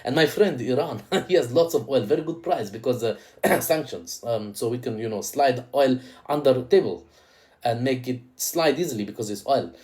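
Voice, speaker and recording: A man voicing a smooth-talking male Russian oil salesman, with a put-on Russian accent and a low, sly, hushed delivery. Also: moderate pace, close to an everyday voice.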